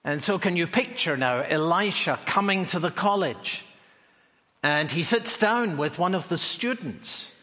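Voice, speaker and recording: A man's voice: sits high, expressive, a little slow, pushed and bright, in a large hall. A man preaching an expository sermon, telling the story animatedly and posing rhetorical questions.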